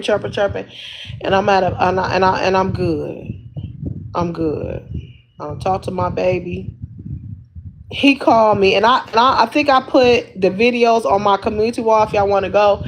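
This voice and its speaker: A woman's voice: mid-range voice, slight background noise, poor audio. A woman chatting casually to her livestream viewers, rambling along and laughing often, talking into a phone. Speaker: livestream host.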